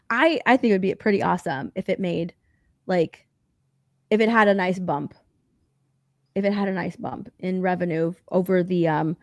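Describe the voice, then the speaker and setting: A woman co-hosting a pop-culture news podcast, chatting casually with lots of fillers and excitement. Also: mid-range voice, dry recording, clean studio sound. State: hiccups. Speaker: podcast co-host. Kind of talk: casual chat.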